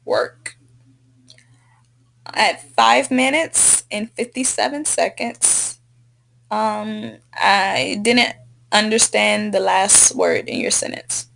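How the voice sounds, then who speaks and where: Slow, patient, gravelly woman tutor. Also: mid-range voice, a bit bright, a little hiss or hum. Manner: slow, patient, repeats and models corrected sentences. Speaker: English tutor. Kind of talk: screen-recorded correction feedback. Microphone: computer mic on a screen recording.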